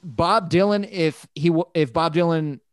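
A man rambles through casual talk about a favorite band, swearing freely and speeding up when he gets worked up. His voice is smooth and resonant. It sits close and dry, with no room sound. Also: fairly high pitch, unhurried, dry recording. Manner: rambling, profane, animated when excited. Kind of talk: casual music chat.

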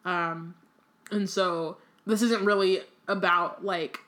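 A woman's voice: lowish voice, steady tone, slow, fairly bright tone. A woman co-hosting a book podcast, chatting casually and reading passages aloud with frequent ums and likes. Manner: casual, filler-heavy, reads with frequent ums. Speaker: podcast co-host.

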